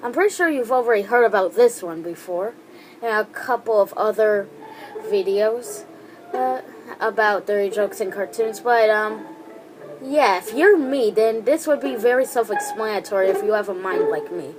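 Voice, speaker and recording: A woman's voice: medium pitch, expressive, normal speed, background noise. A woman hosting a casual countdown video, talking hesitantly with many fillers and restarts. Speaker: video host. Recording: music playing behind the voice.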